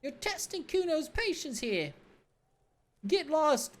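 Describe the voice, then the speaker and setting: A woman's voice: high voice, very animated, slow, voice pushed up, full character voice. A woman voicing a crude, cocky twelve-year-old boy who talks about himself in third person. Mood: sneering swagger.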